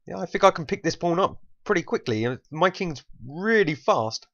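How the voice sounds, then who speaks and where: A man's voice: high-pitched, lively intonation, moderate pace, fairly bright tone, muffled recording. A man from England talking casually through a chess game he played, rambling, correcting himself and laughing at his own mistakes.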